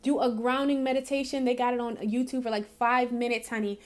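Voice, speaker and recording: A woman's voice: on the high side, level tone, fairly quick. A woman giving a casual monthly astrology reading, chatty and giggly with lots of fillers. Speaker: spiritual reader.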